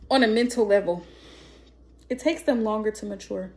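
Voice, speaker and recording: A woman's voice: medium pitch, moderate pace, pauses often, a little mellow. A woman giving a casual spoken tarot reading, talking emphatically and acting out bits of dialogue. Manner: emphatic, acts out quoted dialogue. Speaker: tarot reader.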